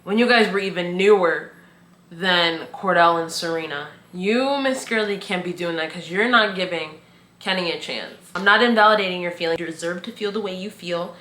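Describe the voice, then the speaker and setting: A woman's voice: fairly low pitch, normal speed, fairly bright tone, echoey room. A young woman giving a casual, opinionated recap of a reality show, full of slang and filler "like".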